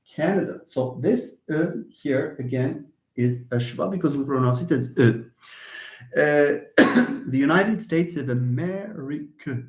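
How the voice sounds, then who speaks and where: A man's voice: fairly high pitch, animated, measured pace. Hesitant man teaching English. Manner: hesitant, repeats words, many fillers. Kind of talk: live online lesson. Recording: echoey room.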